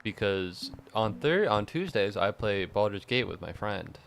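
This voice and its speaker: A man's voice: lowish voice, expressive, a little slow, creaky, fairly bright tone, soft background music. A tired young man streaming while he plays a game, chatting casually in a rambling, self-mocking way and swearing freely. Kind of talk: casual chat while gaming.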